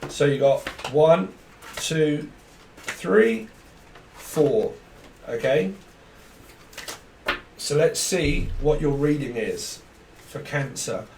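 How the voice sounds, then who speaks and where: A man's voice: a little high, expressive, extremely slow, vocal fry, pauses often, a little mellow, a little hiss or hum. A man giving a casual tarot reading, rambling, laughing often and swearing freely. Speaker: tarot reader. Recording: echoey room, mic at a distance.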